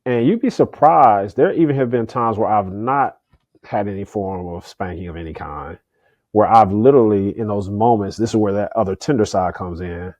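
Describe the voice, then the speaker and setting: A man's voice: on the low side, normal speed, a little mellow, no echo. A middle-aged man speaking candidly as a podcast guest, earnest, often repeating words as he starts a thought. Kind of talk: candid conversational interview.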